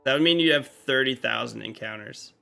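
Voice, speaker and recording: A man's voice: medium pitch, brisk, vocal fry, sharp tone. A man chatting casually on a live game stream, rambling with lots of fillers and restarts. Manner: rambling, filler-heavy talk with many restarts. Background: faint game music.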